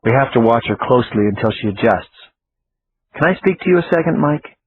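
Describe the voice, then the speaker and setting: A man's voice: mid-range voice, expressive, a little fast, slight background noise, close to an everyday voice. A man reading the part of a head nurse who is blunt, firm and caring. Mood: calm. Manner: firm and direct. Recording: tinny phone-like audio, faint music.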